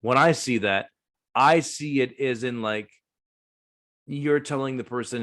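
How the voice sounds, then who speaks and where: A man hosting a podcast who asks his guest questions and reasons through his own opinions out loud. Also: medium pitch, unhurried, long pauses. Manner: thinks out loud, lots of "like" fillers. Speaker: podcast host. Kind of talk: casual conversational interview.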